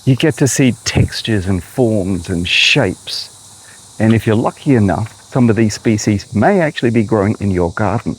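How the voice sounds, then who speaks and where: An Australian horticulturist, his voice on the low side and slightly rough, walks a garden outdoors while chatting straight to viewers for a garden tour vlog. His intonation is lively, his pace moderate, and he's a little out of breath, though the audio quality is poor.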